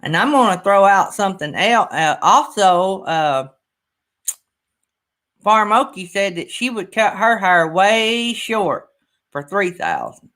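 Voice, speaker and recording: Middle-aged man, host of a folksy morning live chat, rambling and emotional, bright lifted voice. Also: sits high, expressive, slow pace. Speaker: channel host. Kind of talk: casual livestream chat.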